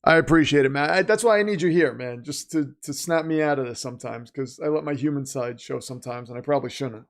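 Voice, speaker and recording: A man's voice: medium pitch, quick pace, hardly any pauses. A man hosting a casual live-stream watch party, reading the chat and joking sarcastically that he is the villain. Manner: chatty, sarcastic, jokingly self-styled villain.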